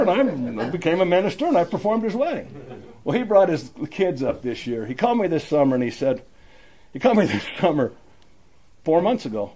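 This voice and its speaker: A man's voice: sits high, big pitch swings, brisk, noisy background. An older man sharing his personal recovery story at a meeting, plainspoken and emotional. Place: meeting room.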